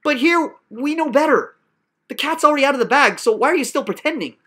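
A woman's voice: sits high, animated, a little fast, bright, forceful tone. A woman hosting a heated online call, berating and sarcastic, with profane outbursts. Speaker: host of an online coaching class.

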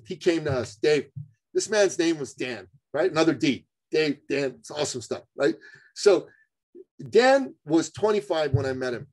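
A man's voice: high voice, darkish tone. A man, a guest on a podcast, telling coaching stories with punchy, emphatic repetition. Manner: emphatic, acts out both sides of conversations; punchy, repeats phrases for emphasis. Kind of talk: animated podcast storytelling.

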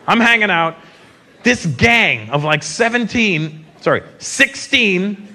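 A North American man doing a profane, animated stand-up routine on stage, speaking into a handheld mic. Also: high-pitched, slow pace. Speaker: stand-up comedian. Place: comedy stage before a live audience. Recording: live show with loud crowd and noise.

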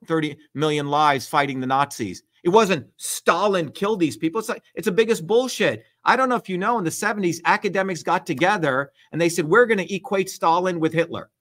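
Brief: middle-aged male host, fairly high voice, heated, blunt and profane delivery. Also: fairly bright tone. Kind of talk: heated livestream talk.

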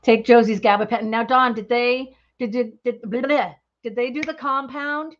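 On a recording with the highs cut off, a woman speaks at normal speed in a steady, higher-pitched voice. She's running a crafting livestream, bubbly and chatty, laughing a lot as she talks casually with the people watching live.

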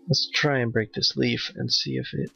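A man giving nervous, excitable let's play commentary, talking to his in-game dog. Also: medium pitch, normal speed, creaky, husky, faint music behind. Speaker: gamer playing a Minecraft map. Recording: dull, dry home mic.

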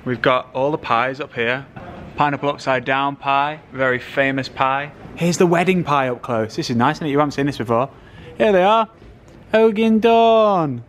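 A young man hosting a casual behind-the-scenes vlog, chatty and jokey with quick asides. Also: mid-range voice, fairly even intonation, a bit bright. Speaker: vlog host.

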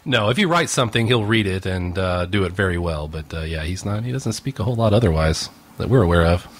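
A man's voice: low-pitched, lively intonation, fast. A man co-hosting a podcast, reading out news stories and joking in an easygoing, dry way. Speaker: podcast co-host. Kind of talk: casual joking news chat.

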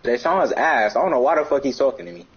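A man's voice: mid-range voice, expressive, fast talker, slightly rough, lo-fi sound. A young man gaming with friends, taunting them nonstop with profane, repetitive insults over voice chat. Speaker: gamer streaming with friends. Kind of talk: trash-talking voice chat.

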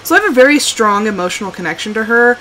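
A woman's voice: on the high side, lively intonation, quick pace, a bit bright, a little hiss or hum, low-quality recording. A woman streaming a survival game live, chatting casually and exclaiming, scolding her game character as she plays. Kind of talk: casual live gameplay commentary.

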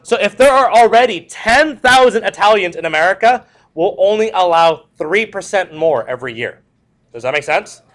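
Male history teacher, classroom lecture, high voice, lively swooping delivery, repeats points, jokey asides. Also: normal speed. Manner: repetitive, animated, joking asides to students.

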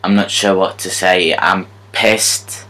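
A young man commentating his own football video game match live, excitable, moving between muttered asides and shouting at the game. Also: sits low, slow pace.

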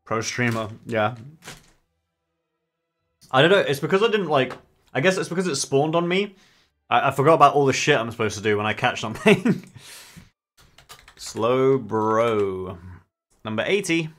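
A young man's mid-range, slightly bright voice moves at a measured pace with lively intonation and frequent pauses. As a streamer on a casual gaming livestream, he chats, swears freely and sings along to faint background music.

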